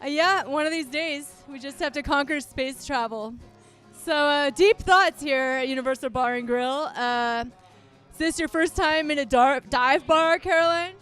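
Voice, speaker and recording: A woman's voice: high-pitched, moderate pace, fairly bright tone, faint music behind. A woman co-hosting a casual podcast in a bar, bubbly and teasing with her guests. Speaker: podcast co-host.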